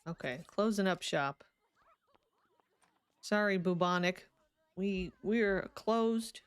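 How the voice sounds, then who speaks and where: A woman's voice: mid-range voice, takes it slowly, clean tone, no room sound. A young woman streaming a life-sim game, chatting casually and giggling as she talks to her characters, sleepy and yawning. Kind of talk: casual live game commentary.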